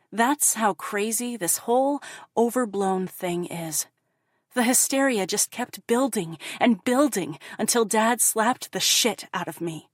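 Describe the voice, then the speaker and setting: A woman's voice: mid-range voice, no room sound, studio quality. A woman narrating an audiobook in the first person, with an intense, profane, confessional delivery.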